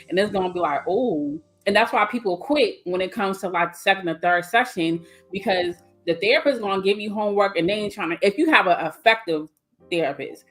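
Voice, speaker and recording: Woman, 40s, blunt and animated talk-show guest, mid-pitched voice, faint music underneath. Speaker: guest speaker on mental wellness. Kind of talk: casual podcast discussion.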